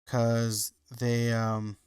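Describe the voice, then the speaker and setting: Male podcast co-host, unhurried, smooth clear voice, halting delivery, dry sound. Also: mid-range voice, completely flat delivery, a little mellow, dry recording. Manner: hesitant, searching for words with many fillers. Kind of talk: casual chat.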